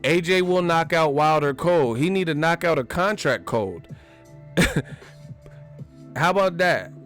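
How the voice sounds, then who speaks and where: A man's voice: a little high, lively intonation, measured pace, fairly bright tone, soft background music. A man hosting a boxing vlog, who talks in a brash, slangy and profane way. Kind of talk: casual, brash commentary.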